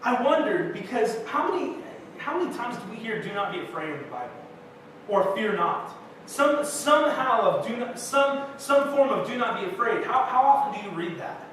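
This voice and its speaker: A young pastor speaks at normal speed in an extremely high, fairly bright voice with big swings in pitch, telling casual tales that laugh at himself during his sermon. He's in a church sanctuary, picked up from far away in the echoey hall amid faint noise.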